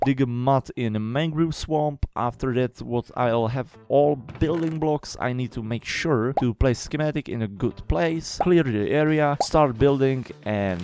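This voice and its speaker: A man's voice: mid-range voice, darkish tone. A man casually narrating his gameplay as a video game channel host, chatty and lightly self-mocking, with non-native English phrasing. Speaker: Minecraft YouTuber.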